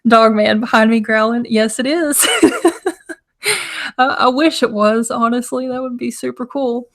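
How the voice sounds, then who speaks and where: Hoarse, chatty woman hosting a stream. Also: a little high, steady tone, normal speed. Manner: chatty, rambling, greets chat viewers, laughs often. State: hoarse, scratchy throat. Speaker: livestream host. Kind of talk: casual live-stream chat.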